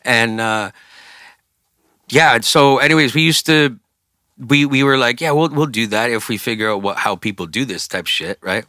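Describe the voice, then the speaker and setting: A man's voice: medium pitch, moderate pace, sharp tone, no room sound, clean studio sound. A man being interviewed as a rock singer, rambling through casual stories and swearing often. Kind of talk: casual storytelling.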